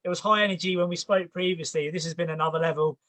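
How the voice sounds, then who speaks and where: A man's voice: fairly high pitch, steady tone, fast talker, fairly bright tone, no room sound. A man hosting an interview, asking long rambling questions with enthusiasm and frequent repeats. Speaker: host.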